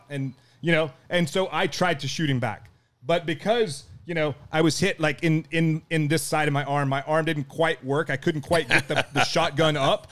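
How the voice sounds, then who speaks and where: A middle-aged man telling a story as a podcast guest. He sits a little higher in pitch than most men. He talks in a loose, animated way, laughs often and acts out other people's lines. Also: moderate pace. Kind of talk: casual storytelling.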